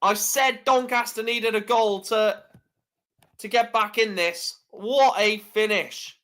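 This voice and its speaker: Casting note: man, fan streamer doing match commentary, slow delivery, chatty and sweary. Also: sits high, sharp tone. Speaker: live stream host.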